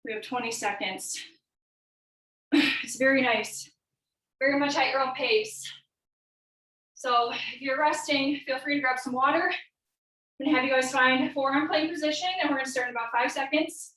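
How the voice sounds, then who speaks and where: Her voice sits high, steady in tone, pushed and bright, moving at a moderate pace broken by long pauses. This young woman coaches a live workout, somewhat breathless as she shouts encouragement and counts down, captured at a distance in a room full of echo.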